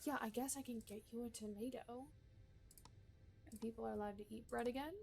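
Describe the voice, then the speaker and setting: A woman's voice: a little high, steady tone, a little fast, vocal fry, a little mellow, slight background noise. A woman streaming a video game, talking casually and self-mockingly while she plays, laughing often. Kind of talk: casual gameplay commentary.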